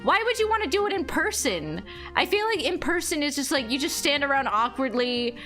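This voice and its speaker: Bright-voiced young woman streamer rambling. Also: high voice, lively intonation, brisk, faint music behind. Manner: rambling, full of "like" and "you know what I mean". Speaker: livestreamer. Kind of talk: casual storytelling chat.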